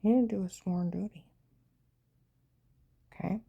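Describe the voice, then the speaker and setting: A woman's voice: medium pitch, unhurried, gravelly, dark tone, husky. A woman telling a rambling, agitated personal story, often dropping into a half whisper.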